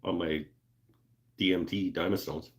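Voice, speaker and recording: A man with a very low voice hosts a casual livestream from his woodworking shop. He talks in a loose, joking way, full of fillers and asides to viewers. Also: fairly even intonation, unhurried. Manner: laid-back, joking, lots of fillers and laughs. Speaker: livestream host. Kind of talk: casual livestream chat reading viewer comments.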